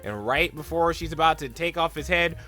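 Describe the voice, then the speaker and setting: A young man with a bright, sharp-edged voice talks through an episode recap in a loose, rambling way. He leans on "like" and "um", and slips into quick put-on voices for the characters. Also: on the high side, soft background music. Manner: rambling, filler-heavy retelling, full of "like" and "um". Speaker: anime reaction vlogger. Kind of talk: casual episode recap and reaction.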